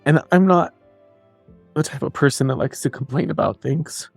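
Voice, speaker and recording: A man's voice: a little high, expressive, normal speed, gravelly, no room sound, faint music behind. Impassioned man speaking in a dry, close sound. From New Mexico. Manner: impassioned, repeats phrases for emphasis. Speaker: podcast guest. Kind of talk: earnest interview talk.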